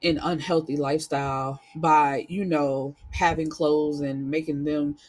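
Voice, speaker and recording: A woman's voice: low-pitched, fairly even intonation, unhurried, darkish tone. A woman voicing a critical middle-aged mother who scolds dismissively in a casual book review. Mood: scolding.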